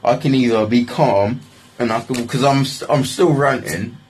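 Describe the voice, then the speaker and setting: A man's voice: medium pitch, normal speed, a little hiss or hum. A man telling a story in a loose, casual way, swearing freely and filling his talk with fillers.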